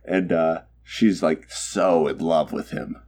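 A man's voice: deep voice, steady tone, takes it slowly, darkish tone. A man co-hosting a podcast, chatting casually and gushing enthusiastically about favorite moments. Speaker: podcast co-host. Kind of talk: casual chat.

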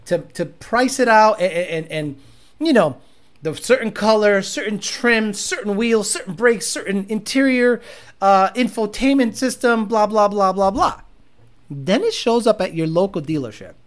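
A man chatting casually on a livestream, rambling and crude, often laughing and repeating words as he stalls. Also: high-pitched. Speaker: streamer reading chat.

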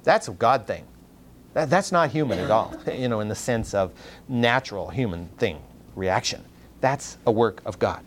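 A man preaching a sermon, animated, often climbing high in pitch for emphasis and repeating words as he restarts phrases. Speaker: pastor.

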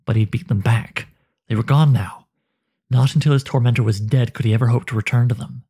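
A man narrating a dark fantasy story in a slow, measured way. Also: mid-range voice, steady tone, slightly rough.

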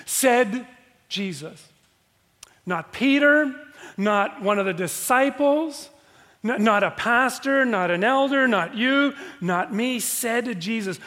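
High-voiced man preaching in a reverberant hall. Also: lively intonation, pushed and bright. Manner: emphatic, repeats key phrases with dramatic pauses. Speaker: pastor. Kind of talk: sermon.

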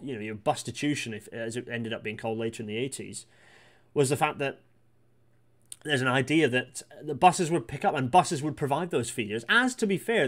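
Guy talking super fast, reads a bit then goes off on tangents, lots of restarts. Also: medium pitch. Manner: rapid, with many restarts and asides. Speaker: host of a live read-through. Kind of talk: casual live-stream commentary on a historical report.

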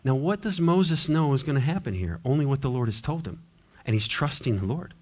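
A man's voice: medium pitch, expressive, brisk, darkish tone. A male pastor preaching a sermon in an earnest, exhorting way, with lots of repeated phrases.

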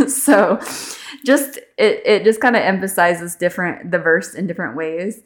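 A young adult woman hosting a devotional podcast, chatting casually with many fillers and slowing down to read scripture aloud. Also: on the low side. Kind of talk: casual devotional reading and reflection.

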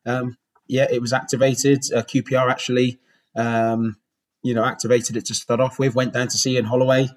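Husky Bristol man telling stories. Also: mid-range voice, level tone, a little fast, low-quality recording. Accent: Bristol English. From Bristol, England. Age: 40s. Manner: rambling, many restarts and fillers. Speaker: former goalkeeper, guest. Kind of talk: casual interview storytelling.

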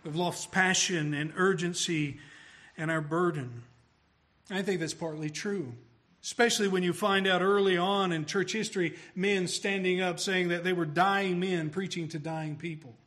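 Guy preaching a sermon, kinda high voice, gets loud and punchy when he hits a point. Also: fairly even intonation, moderate pace. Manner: emphatic, swells louder on key phrases.

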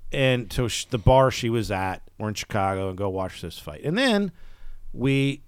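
A man's voice: mid-range voice, lively intonation, moderate pace, clean tone, no echo, studio quality. A man hosting a podcast, telling a story in casual chat and acting out the people he quotes. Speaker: podcast host.

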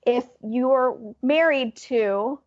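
High-voiced woman telling a story. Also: extremely slow, muffled recording. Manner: animated, laughing as she tells a story. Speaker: podcast co-host. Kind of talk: casual storytelling chat.

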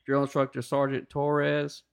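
A Marine veteran, a man, telling boot camp stories in a profane, animated casual chat. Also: mid-range voice, a little slow, creaky, clear, resonant tone.

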